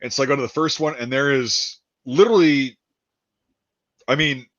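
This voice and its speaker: A man telling a rambling story in a casual chat, animated, laughing and swearing a lot. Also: mid-range voice, normal speed. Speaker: podcast host. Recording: dull dry lo-fi sound.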